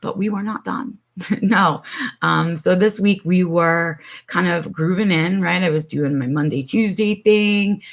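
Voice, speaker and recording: A woman's voice: fairly low pitch, measured pace. A middle-aged woman chatting on her live stream from home, telling a long story with many ums and asides to her viewers.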